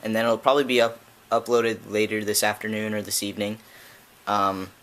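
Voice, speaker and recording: A man's voice: flat delivery, a little fast, fairly bright tone. Rambling guy vlogging from home. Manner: rambling, with many ums and trailing restarts; baby talk to his dog in a playful high voice. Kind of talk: casual vlog chat. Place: at home indoors. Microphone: handheld camera held in one hand.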